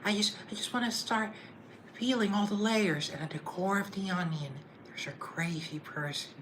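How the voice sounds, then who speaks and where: A man doing a breathy, dreamy, theatrical impression of an eccentric middle-aged woman on a live stream. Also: high voice, moderate pace, fairly bright tone, slight background noise, voice pushed up. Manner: theatrical, whimsical.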